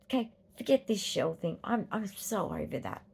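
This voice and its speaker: A woman's voice: mid-range voice, expressive, normal speed, creaky, a little mellow, a little hiss or hum. A woman with an Australian accent talking in a rambling, philosophical, emphatic way in a personal vlog, weary after a hard night. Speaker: vlogger.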